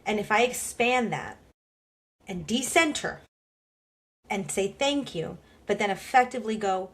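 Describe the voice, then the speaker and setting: A woman's voice: medium pitch, animated, measured pace, pauses often, fairly bright tone. Impassioned woman podcast co-host. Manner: earnest and impassioned. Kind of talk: podcast discussion.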